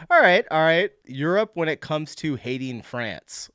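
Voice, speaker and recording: A man hosting a reaction video, chatting casually in an amused tone with quick asides. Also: on the high side, bright, forceful tone, clear, resonant tone, no echo, clean studio sound.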